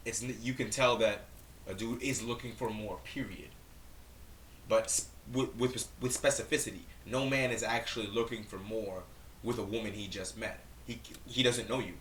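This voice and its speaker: A man's voice: lowish voice, a bit bright. A man co-hosting a reaction channel, giving blunt, profane, heated commentary. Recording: echoey room, distant mic, faint noise.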